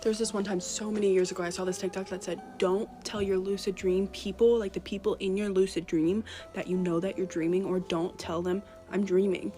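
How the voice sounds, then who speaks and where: A woman tells a personal dream anecdote in a relaxed, chatty way, often dropping to soft asides. Faint music plays behind her. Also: mid-range voice, a little fast, hardly any pauses.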